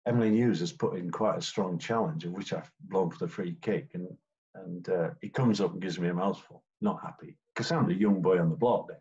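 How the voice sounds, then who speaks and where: An older English man recalls his refereeing days in a chatty, anecdotal way. He slips into other voices when quoting players. His voice sits fairly low, and the recording sounds dull and lo-fi. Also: brisk, a little mellow. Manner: chatty storyteller, acts out quoted players. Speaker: former football referee. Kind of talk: interview anecdotes.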